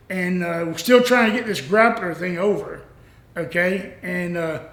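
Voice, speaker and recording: A man's voice: high voice, a bit bright. A man in his sixties, a former pro wrestler, telling rambling stories in a casual interview and acting out other people's lines. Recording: echoey room.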